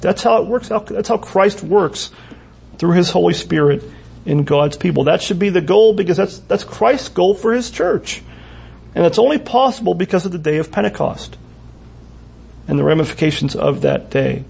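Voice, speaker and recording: A man preaching a sermon as pastor, earnest, with pauses and repeated phrases. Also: fairly high pitch, vocal fry, darkish tone, husky.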